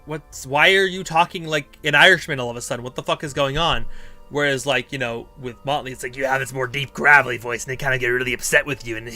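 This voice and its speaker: Male streamer, casual and chatty, bright tone, talks in loose filler-laden bursts. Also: mid-range voice. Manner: rambling and filler-heavy, thinking aloud. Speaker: streamer giving character-writing advice. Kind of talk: casual live-stream chat.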